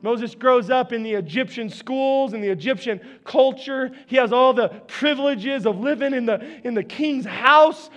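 A man's voice: extremely high pitch, moderate pace, hardly any pauses, fairly bright tone, lo-fi sound. A man preaching a sermon as pastor, talking conversationally and addressing the congregation directly.

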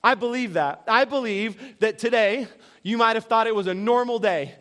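A man's voice: sits high, normal speed, a bit bright. A man preaching a sermon as pastor, earnest and repeating phrases for emphasis. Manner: earnest, repetitive emphasis, laughs at his own lines. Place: church.

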